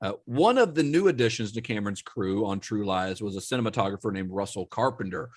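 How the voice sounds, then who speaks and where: A man's voice: lowish voice, animated, fairly quick, slightly rough, no room sound, clean studio sound. A man hosting a podcast, telling a film story in a casual, rambling way with many fillers and laughs. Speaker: podcast host.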